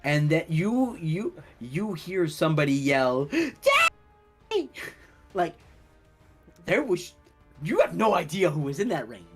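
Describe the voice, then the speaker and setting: A young man running a tabletop game as dungeon master, telling the scene in an animated way and laughing often. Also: on the high side, music in the background. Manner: slow, animated storytelling with laughter.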